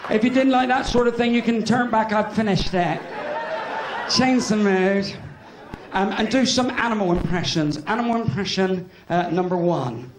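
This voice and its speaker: A man with a West Country accent doing cheeky live stand-up in a cabaret club, bantering with the audience. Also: high-pitched. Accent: West Country English. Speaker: stand-up comedian. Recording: echoey club with loud crowd and noise.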